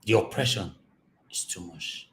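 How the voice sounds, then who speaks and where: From his home office, with a generator running, a Nigerian man hosts a live-stream commentary. His voice sits low and slightly bright, unhurried yet impassioned and repetitive.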